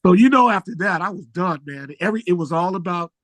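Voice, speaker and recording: A man's voice: fast, dry recording. A middle-aged man, a musician, telling stories casually in an interview, acting out what people said with big jumps in his voice. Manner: animated storyteller, acts out quotes with big pitch jumps.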